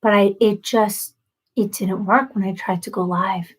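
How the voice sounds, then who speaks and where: A woman's voice: mid-range voice, steady tone, unhurried, breathy edge, poor audio. A woman in her thirties chatting casually with viewers on a livestream, apologetic and self-deprecating. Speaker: livestream host.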